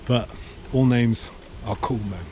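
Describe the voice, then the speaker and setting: A man's voice: mid-range voice, takes it slowly. A man from East London, a vlogger and artist, chatting casually and laughing easily as he cycles through a city. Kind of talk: casual travel vlog narration. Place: outdoors cycling through a city.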